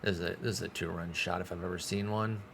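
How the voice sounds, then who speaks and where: Low voiced guy grumbling thru his baseball sim stream, sarcastic, swears a lot, gravelly. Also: fairly even intonation, fast talker, fairly bright tone, a little hiss or hum. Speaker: streamer playing a baseball management game. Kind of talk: casual gameplay commentary.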